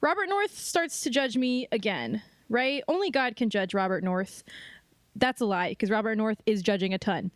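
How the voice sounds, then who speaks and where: A woman's voice: fairly high pitch, animated, normal speed, no room sound, studio quality. A young woman co-hosting a podcast, chatting casually and reading a book aloud, giggly and prone to laughing fits. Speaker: podcast co-host.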